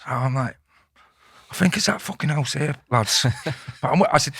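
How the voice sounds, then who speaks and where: A man's voice: a little high, expressive, moderate pace, vocal fry, breathy edge, no echo, studio quality. Foul-mouthed man telling a rowdy story. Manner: swears constantly, acts out quoted voices loudly. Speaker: podcast host. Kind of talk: casual storytelling.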